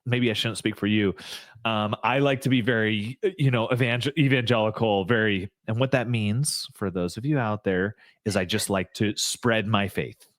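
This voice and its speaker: Male podcast host, mid pitch, earnest and measured, close dry recording. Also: dry recording. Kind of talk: casual interview chat.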